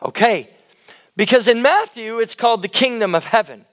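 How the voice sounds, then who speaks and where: A middle-aged man preaches with a high, carrying voice, talking loudly and casually as he puts questions to the congregation. His tone stays conversational rather than formal. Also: lively intonation, moderate pace. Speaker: pastor. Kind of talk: interactive sermon.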